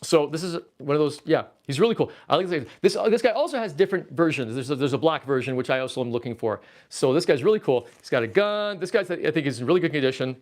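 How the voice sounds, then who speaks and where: A fairly high-pitched Canadian man talks fast with few pauses on a casual livestream. Packing his collection of toys, he reads chat messages aloud, rambling playfully and getting excited easily.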